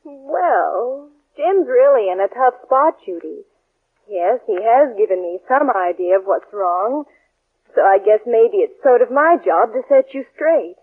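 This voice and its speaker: A woman's voice: a little high, lively intonation, measured pace. An actress playing an earnest young woman giving frank advice in a 1940s radio commercial sketch. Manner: earnest, confiding. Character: frank sympathetic young woman, the friend's sister. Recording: tinny old radio broadcast.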